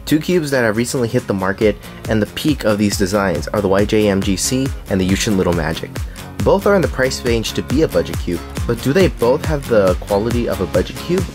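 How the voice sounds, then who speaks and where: A man's voice: on the low side, expressive, fairly quick, music in the background. Young man reading a cube review. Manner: reads from a script with small slips. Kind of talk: scripted review narration.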